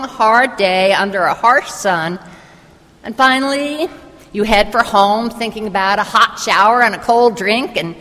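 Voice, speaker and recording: A woman's voice: mid-range voice, a bit bright, long reverb tail. A woman preacher giving a sermon as a vivid, imaginative retelling of a story.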